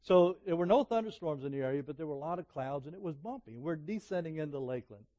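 A middle-aged man delivers a sermon in a chatty storytelling manner. His voice sits slightly high for a man, and he swings between emphatic, raised peaks and hushed, confiding asides. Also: animated, fast. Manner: conversational storytelling, rising to emphatic peaks and dropping to quiet asides. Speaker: preacher. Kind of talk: sermon with personal stories.

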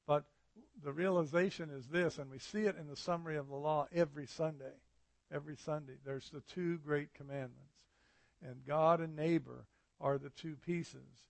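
A man's voice: fairly high pitch, fairly even intonation, normal speed, gravelly, dry recording. A man, a pastor, preaching an earnest, conversational sermon with frequent fillers.

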